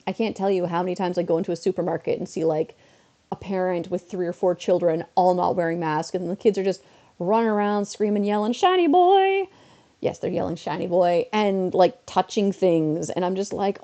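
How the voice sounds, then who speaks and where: A woman's voice: lowish voice, fairly even intonation, a little fast, dark tone. A woman streaming from home and chatting casually while she plays, ranting with exasperated asides and sounding a bit unwell. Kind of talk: casual live-stream chat while gaming.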